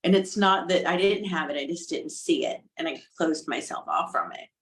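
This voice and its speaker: A woman's voice: fairly low pitch, normal speed, fairly bright tone. A woman co-hosting a live wellness talk stream, speaking candidly and reflectively about her own experience. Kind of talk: casual live-stream chat.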